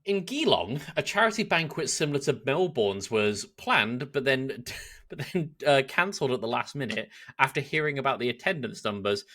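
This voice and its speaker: An English man telling a historical story as a podcast co-host, his voice bright and full of swing, and he laughs often as he goes. The delivery is a casual chat rather than a script. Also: mid-range voice, sing-song, normal speed. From England.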